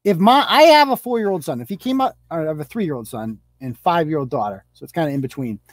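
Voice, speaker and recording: A woman's voice: deep voice, lively intonation, quick pace, no room sound. A woman hosting a live show, delivering a sarcastic, profane, mocking rant. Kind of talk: profane ranting commentary.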